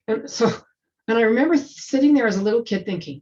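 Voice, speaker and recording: A middle-aged woman telling a family story in a casual discussion, chatty and halting with restarts. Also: on the high side, expressive, a little mellow. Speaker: presenter. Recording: dull lo-fi sound.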